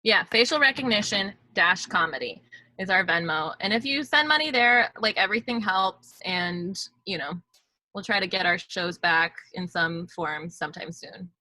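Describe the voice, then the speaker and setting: A woman's voice: medium pitch, normal speed, bright, forceful tone, no echo, poor audio. A young adult woman, a comedian co-hosting a casual podcast, who laughs often in the middle of her sentences.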